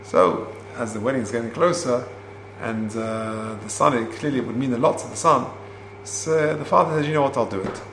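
A man teaching a Torah class, explaining Hebrew terms and telling a story in an unhurried way with many fillers. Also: medium pitch, fairly bright tone. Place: classroom, also streamed online. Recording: roomy with faint hum.

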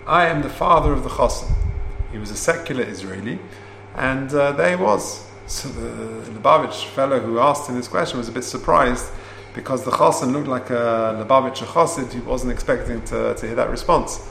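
A man teaching a Torah class, explaining Hebrew terms and telling a story in an unhurried way with many fillers. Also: mid-range voice, vocal fry, fairly bright tone. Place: classroom, also streamed online. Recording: roomy with faint hum.

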